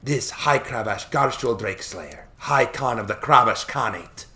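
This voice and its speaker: A man voicing an earnest female orc envoy who speaks slow, halting, broken English with a thick accent. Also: medium pitch, sing-song, sharp tone, pitched above the performer's own voice. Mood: formal, earnest.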